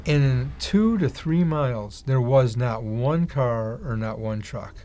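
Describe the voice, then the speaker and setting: A man's voice: medium pitch, animated, slow pace, warm tone. A middle-aged man giving a personal testimony, acting out the voices of people in his story. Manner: acts out quoted dialogue in other voices. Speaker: interviewee telling his testimony.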